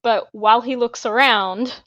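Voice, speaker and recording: A woman's voice: fairly high pitch, fairly even intonation, normal speed, a bit bright. A woman playing a tabletop game, narrating her character's actions in a rambling, hesitant way. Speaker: player.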